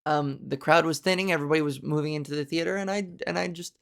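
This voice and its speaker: Gravelly low-voiced woman telling stories. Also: quick pace. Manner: chatty, animated, with big jumps in pitch. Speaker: podcast host and comedian. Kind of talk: casual storytelling monologue.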